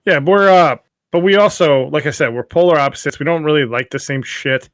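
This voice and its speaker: Brief: man, podcast co-host, somewhat high voice, blunt and profane, dry sound. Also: fairly quick, no room sound. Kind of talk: casual chat.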